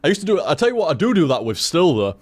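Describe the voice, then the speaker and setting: A man's voice: fairly high pitch, very animated, very fast. A young man chatting casually to his stream viewers, rambling and swearing with lots of restarts.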